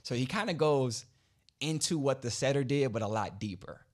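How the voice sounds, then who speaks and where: Relaxed man explaining sales calls. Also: mid-range voice, normal speed. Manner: relaxed, explanatory, repeats words and restarts often. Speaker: guest, credit business owner. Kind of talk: casual podcast conversation.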